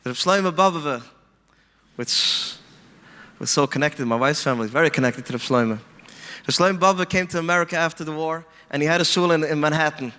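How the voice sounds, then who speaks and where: Man telling stories, kinda high voice, acts out the people in them, drops yiddish words, reverby sound. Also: a little fast. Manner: animated storytelling, voices quoted people, mixes Yiddish phrases. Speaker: podcast guest speaker. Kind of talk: storytelling talk.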